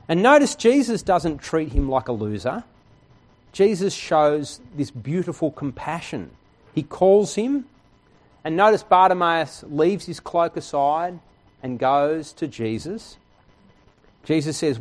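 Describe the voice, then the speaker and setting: Male pastor, middle-pitched, earnest conversational preacher who keeps checking in with his congregation. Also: lively intonation, moderate pace. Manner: earnest, conversational preaching with frequent "right?" asides. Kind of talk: sermon.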